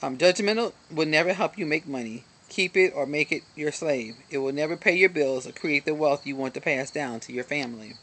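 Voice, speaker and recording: A woman's voice: sits low, a little fast, hardly any pauses, a bit bright. Earnest woman giving a self-help talk. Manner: earnest, encouraging, with frequent ums and asides. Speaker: motivational self-help speaker. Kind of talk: motivational talk to camera, reading from a book. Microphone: self-filmed, camera held in hand at arm's length.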